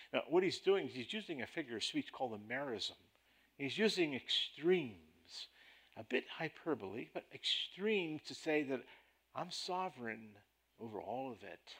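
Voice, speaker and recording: A man preaching a sermon as a pastor, deliberate and emphatic in his delivery. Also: mid-range voice, fairly bright tone.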